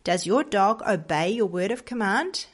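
A woman voicing an earnest, pious woman in a storybook who gently reproaches a stranger. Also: mid-range voice, expressive, unhurried. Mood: coaxing.

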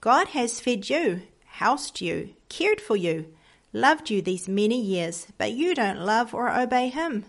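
Earnest churchgoing woman scolding softly, read by a woman storyteller; slight fry. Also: a little high, sing-song, slow, exaggerated voice. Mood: reproachful. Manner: gently reproachful, persuasive. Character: earnest pious woman preaching to a stranger.

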